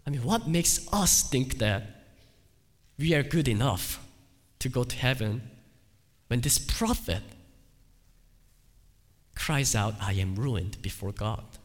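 A male pastor preaching a sermon, emphatic, repeating his phrases and swinging between loud cries and quiet asides. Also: medium pitch, animated, slow, long pauses. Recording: long hall reverb.

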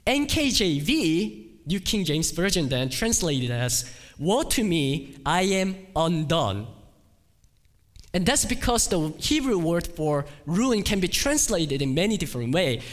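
A male pastor preaching a sermon in an emphatic, deliberate way, with dramatic dips and swells. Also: high voice, sing-song. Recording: long hall reverb.

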